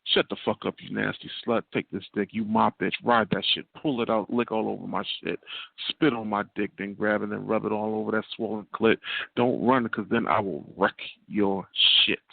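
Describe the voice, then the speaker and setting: A man's voice: fairly low pitch, steady tone, normal speed, gravelly, dry recording. A man, a guest poet calling in by phone, performing spoken word with a rhythmic, repetitive cadence. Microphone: phone call. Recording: tinny, dry phone line.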